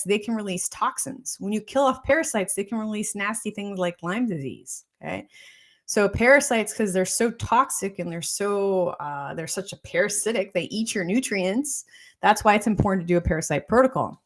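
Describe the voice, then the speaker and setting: A woman's voice: medium pitch, lively intonation, moderate pace. Chatty woman doctor explaining things. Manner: repetitive, keeps checking in with "okay?" and "right?". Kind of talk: casual health talk explaining a protocol.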